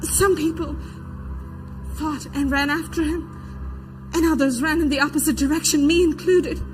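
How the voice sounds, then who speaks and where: A woman's voice: sits high, steady tone, normal speed, over music, natural voice. An actress playing an adult female protester in a verbatim theater monologue, giving eyewitness testimony and acting out the voices she quotes. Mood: recounting. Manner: vivid retelling that acts out quoted voices. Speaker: stage actor.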